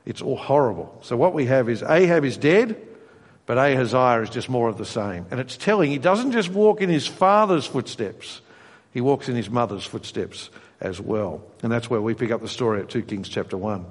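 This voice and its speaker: A man preaching a sermon, expressive and conversational, briefly acting out voices when he quotes. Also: medium pitch, normal speed, long reverb tail.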